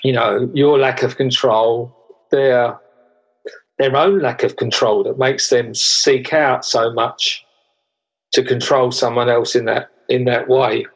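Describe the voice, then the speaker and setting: An older man interviewing someone, speaking earnestly in a halting way. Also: medium pitch, steady tone, breathy edge, poor audio. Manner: halting, with many restarts and fillers, earnest. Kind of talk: interview conversation.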